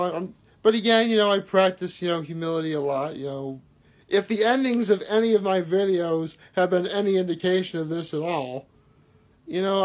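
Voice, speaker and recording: A man talking casually to camera in his daily vlog, rambling earnestly with lots of fillers and restarts. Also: on the high side. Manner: earnest, self-deprecating asides. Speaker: daily vlogger. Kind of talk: casual daily video talk.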